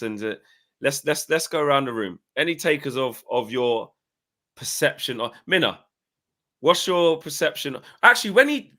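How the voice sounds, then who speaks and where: A man's voice: a little high, pushed and bright. A man hosting a casual football podcast, chatty and upbeat with lots of fillers. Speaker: host.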